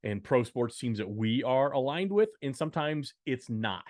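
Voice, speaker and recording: A man's voice: mid-range voice, animated, normal speed, a little mellow, no echo. A man co-hosting a podcast, upbeat as he announces football picks, with dry asides. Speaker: podcast co-host. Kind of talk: casual sports-picks chat.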